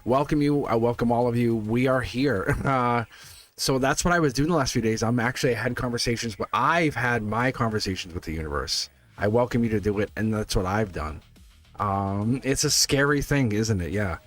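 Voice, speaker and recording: A man's voice: mid-range voice, moderate pace, fairly bright tone. A middle-aged man talks casually to his live-stream viewers as a tarot reader. He laughs often, restarts and repeats words. Faint music plays in the background. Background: test music.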